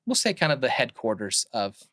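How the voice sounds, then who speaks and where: Halting man narrating a tabletop game. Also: medium pitch, sing-song, fairly bright tone, no room sound, clean studio sound. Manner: halting, many fillers and restarts. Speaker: game master.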